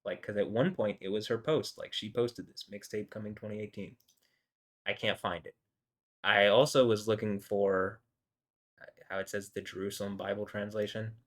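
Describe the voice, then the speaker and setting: Rambling, indignant man, low voice. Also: level tone, moderate pace. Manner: rambling, indignant, full of filler words. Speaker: video host. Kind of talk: rambling solo commentary.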